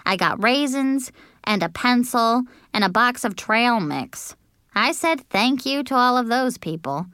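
A woman narrating a children's book in an animated, childlike first-person manner. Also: a little high, a little slow, clear, resonant tone, no echo, clean studio sound. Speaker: audiobook narrator. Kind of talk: expressive storybook narration.

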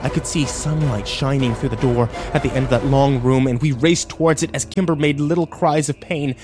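A man telling a harrowing story in first person, his delivery tense and emotional. His pitch sits in an ordinary middle range, with faint music behind him. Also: fairly even intonation, a little fast. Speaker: narrator.

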